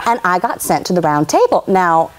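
A woman from Los Angeles, a guest on a chat show, telling childhood stories in an animated, emphatic way. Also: fairly low pitch, normal speed. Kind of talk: casual storytelling.

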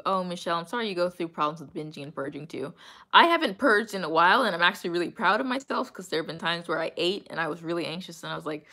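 Woman streamer, lowish voice with gravelly fry and a bright edge, candid, reads chat. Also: fairly quick. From New England. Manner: candid, answers viewer comments aloud. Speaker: livestreamer reading chat. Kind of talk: casual livestream chat. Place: underground room.

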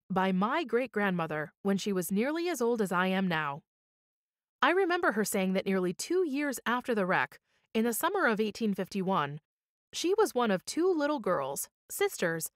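A woman reads a children's story aloud with an expressive, lively voice that rises and falls a lot. She is on a close studio mic, and her voice sounds dry and close. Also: medium pitch, dry recording. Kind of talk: scripted narration.

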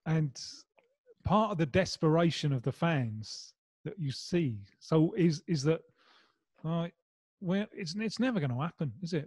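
A man's voice: a little high, animated, a little slow, a little mellow, husky, no room sound. A man with a Mancunian accent, a guest in a casual football chat, rambling with restarts and wry humour. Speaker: guest pundit. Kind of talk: casual discussion.

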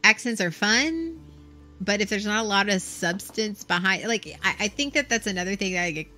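Woman podcast co-host, bright and forward, casual rambling talker. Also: medium pitch, lively intonation, normal speed, soft background music. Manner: chatty, laughs often, lots of "like". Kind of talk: casual chat.

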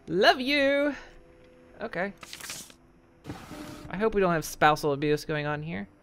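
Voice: mid-range voice, normal speed, fairly bright tone, a little hiss or hum. Curious muttering let's play commentator. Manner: curious, muttering, casually swearing. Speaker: gamer. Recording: voice over game music.

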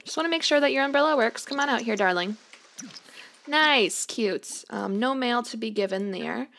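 A woman's voice: fairly high pitch, normal speed, a bit bright, a little hiss or hum. A young woman chatting through a life-sim game as host, fondly talking to the characters on screen. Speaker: let's play host. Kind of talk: gameplay commentary.

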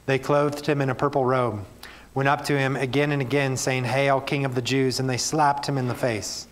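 A medium-pitched male pastor preaches at a moderate pace with flat delivery. His sermon moves from reading scripture aloud to speaking earnestly and plainly to his church.

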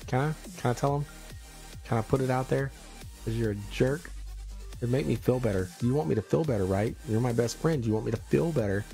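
Man, gravelly, livestream host; teasing and indignant rant. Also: medium pitch, a little fast, dark tone, faint music behind. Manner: ranting, teasing, exaggerated indignation.

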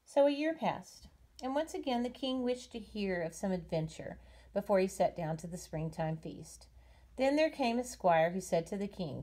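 Woman, storybook reader for a class, warm mellow tone, gentle unhurried delivery. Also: mid-range voice, animated. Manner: gentle, unhurried reading with small slips. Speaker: teacher reading aloud. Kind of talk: storybook read-aloud.

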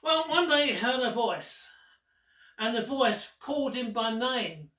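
Male gospel magician, teasing and unhurried, with a bright tone, heard with a roomy, distant sound. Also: very high-pitched, animated. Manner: playful and teasing, addressing the viewer. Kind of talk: magic trick with a Gospel story. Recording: roomy echo, distant mic.

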